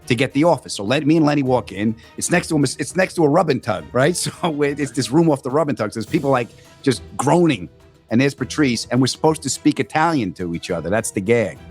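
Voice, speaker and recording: A man's voice: medium pitch, fairly quick, slightly rough, soft background music. A man telling a comedy story in casual talk, acting out quoted lines in a raised voice. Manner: animated, acts out quotes in raised voice.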